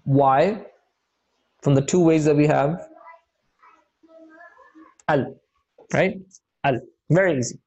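A man with a fairly high, mellow, warm voice leads an online Arabic grammar lesson, going slowly and pausing often as he explains each step and frequently encourages his students. The recording sounds muffled.

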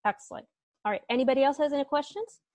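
An online Arabic grammar teacher talks through earbuds on a video call, in a high, darkish voice at a rapid-fire pace with no room sound. She still explains patiently step by step and quizzes her students with questions.

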